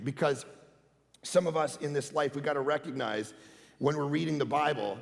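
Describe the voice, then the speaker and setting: A man, a pastor, preaching a conversational sermon that swings between loud emphatic bursts and quiet low asides. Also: moderate pace, creaky. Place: church auditorium. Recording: long hall reverb.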